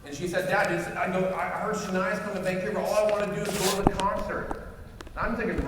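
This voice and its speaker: A man in his forties giving a lively storytelling speech to a crowd at a company event, acting out both sides of a phone call, often restarting his sentences. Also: sits high, fairly quick, slight background noise. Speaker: motivational speaker at a company event. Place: large event hall. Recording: echoey hall from far off.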